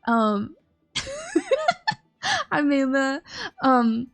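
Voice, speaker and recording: Rambling woman streamer, slightly high voice. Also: wildly swooping pitch, drawn-out words. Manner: rambling, full of "um"s and restarts, laughing often. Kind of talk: casual storytelling chat.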